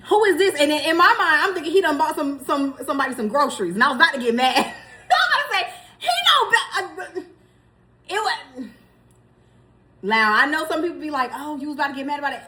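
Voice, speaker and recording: A young woman vlogger telling a story in a casual, animated way, laughing as she goes. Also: high-pitched, fast talker.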